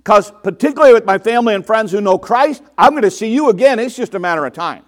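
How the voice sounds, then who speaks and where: A man's voice: high voice, expressive, fast. A man preaching a sermon to his congregation in a conversational way, asking rhetorical questions and mimicking the people he quotes. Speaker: pastor.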